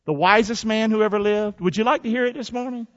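A man with a high voice preaches from the pulpit in a lively, folksy style, urging his congregation to answer and repeat lines with him. The recording is dull and lo-fi. A long reverb trails each phrase. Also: quick pace. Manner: energetic, call-and-response preaching with folksy asides. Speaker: pastor. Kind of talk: sermon. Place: church.

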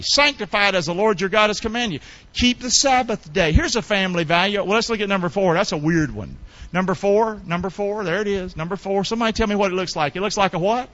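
A male pastor delivering a sermon in a fairly high voice that leaps up and down. He quizzes his listeners in call-and-response fashion and moves from loud bursts to low asides.

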